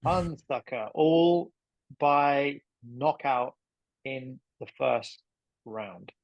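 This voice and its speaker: A man's voice: mid-range voice, very slow, gravelly, no echo. A man co-hosting a podcast in casual chat, chatty and thinking aloud with plenty of fillers. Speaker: podcast co-host. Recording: dull lo-fi sound.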